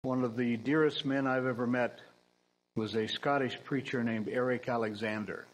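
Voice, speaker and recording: A man preaching a sermon in a church, earnest and emphatic, with dry humorous asides and frequent throat-clearing. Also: medium pitch, fairly even intonation, normal speed, low-quality recording.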